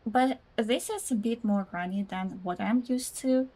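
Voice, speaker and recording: A woman's voice: a little high, a little slow, warm tone. A young woman streaming a life simulation game, chatting casually with viewers, searching for words and laughing at herself. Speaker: gaming streamer. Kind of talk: casual chat with live chat.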